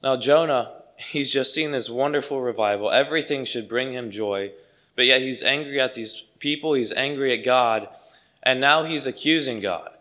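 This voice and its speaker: Bright-voiced preacher man. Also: medium pitch, moderate pace. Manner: earnest, emphatic, repeats key phrases. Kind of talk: sermon.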